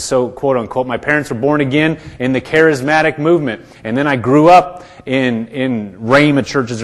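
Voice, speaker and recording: A man preaching to his congregation in a conversational, earnest way, often restarting his sentences. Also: mid-range voice. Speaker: pastor. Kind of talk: sermon.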